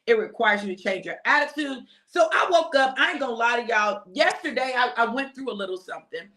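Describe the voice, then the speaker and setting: A middle-aged woman preaching an informal sermon in a lively, conversational way, addressing her listeners as y'all. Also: a little fast. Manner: preachy, conversational, uses y'all and folksy phrasing; lively, emphatic, rising to high pitch for emphasis. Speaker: pastor and prophetic speaker. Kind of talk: informal sermon, live stream.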